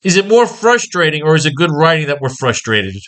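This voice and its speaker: A man's voice: on the high side, sing-song, a little fast, a bit bright, smooth. A man teaching comic book writing in a casual online lesson, talking in a profane, rambling, exasperated way.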